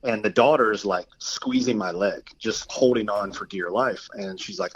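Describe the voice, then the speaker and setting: Low-voiced man telling a rambling story. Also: normal speed, few pauses, rough recording. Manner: rambling, filler-heavy, acts out quoted voices. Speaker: podcast guest. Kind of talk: casual storytelling.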